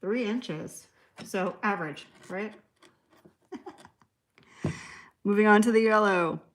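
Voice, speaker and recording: A woman with a mid-range voice hosts a live nail art tutorial, taking things slowly while a slight hiss or hum sits in the background. She chats casually, answers viewer comments, and laughs easily.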